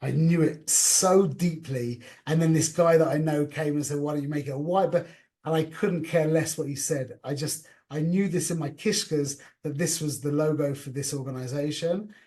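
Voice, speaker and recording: At a moderate pace, a man with a rather high voice runs an informal lesson over a call. He's animated and conversational, restarting sentences often and mixing in Hebrew and Yiddish terms.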